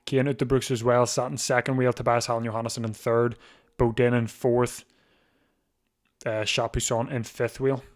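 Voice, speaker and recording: A man's voice: medium pitch, flat delivery. Sleepy man chatting through a bike race. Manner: chatty, thinks aloud with restarts, quick to laugh. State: sleepy, keeps yawning. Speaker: live stream host. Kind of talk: casual race watch-along commentary.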